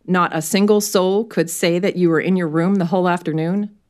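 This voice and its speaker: A woman voicing a calm male police inspector who asks his questions evenly and precisely. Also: on the low side, a little fast, close to an everyday voice. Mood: probing.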